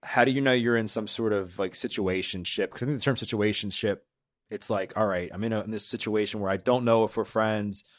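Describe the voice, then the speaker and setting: A male host asking his guest long, exploratory questions that ramble as he thinks aloud. His voice is on the low side. The sound is dry and close. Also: fairly even intonation, a little fast, dry recording. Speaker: interview host. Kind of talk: conversational interview questions.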